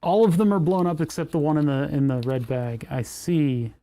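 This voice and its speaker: A man's voice: a little high, fairly even intonation, normal speed, dark tone. A man hosting a casual livestream, rambling and self-mocking as he thinks aloud while tinkering with electronics. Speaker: livestream host.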